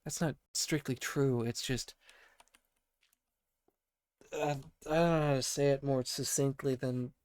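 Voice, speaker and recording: A man with a croaky voice from being sick, rambling through a profane casual monologue full of restarts, as a podcast host. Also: mid-range voice, steady tone, a little slow, pauses often, a little mellow. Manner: rambling, profane, self-interrupting.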